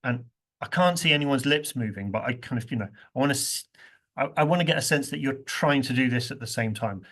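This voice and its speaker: Male workshop trainer, medium pitch, leads stress drills on a video call. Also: brisk, a bit bright. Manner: rhythmic, repeats drill phrases with strong stress. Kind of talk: online pronunciation workshop teaching.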